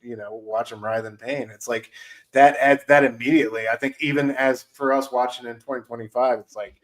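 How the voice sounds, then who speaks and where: A man talking casually about a movie he loved, stringing his thoughts together with lots of "like" and "you know." His voice sits at an ordinary middle pitch for a man, and his enthusiasm spills out in loose, rambling sentences. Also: steady tone, a little fast, low-quality recording. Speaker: podcast co-host. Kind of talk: casual film discussion.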